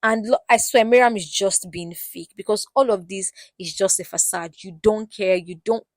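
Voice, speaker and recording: A young Nigerian woman with a Nigerian accent, recapping a reality show in casual, gossipy commentary and putting on the cast's voices in quick asides. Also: medium pitch, no room sound.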